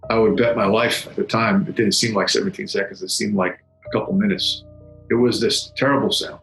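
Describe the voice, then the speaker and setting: A middle-aged man giving solemn personal testimony, halting and often repeating his words. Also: fairly low pitch, steady tone, gravelly, a bit bright. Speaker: former federal agent recounting a memory. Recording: echoey room with faint music.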